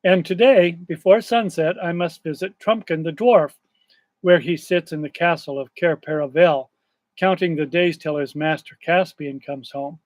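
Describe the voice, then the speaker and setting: A man reading aloud as a great, wise and gentle male lion, speaking in a calm, solemn way. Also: a little high, moderate pace, no echo, lightly acted.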